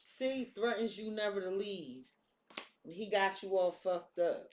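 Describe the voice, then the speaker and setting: A woman's voice: mid-range voice, takes it slowly, darkish tone, a little hiss or hum. A woman doing a casual tarot reading, talking bluntly and cursing freely. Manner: blunt, profane, streetwise talk. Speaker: tarot reader. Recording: echoey room.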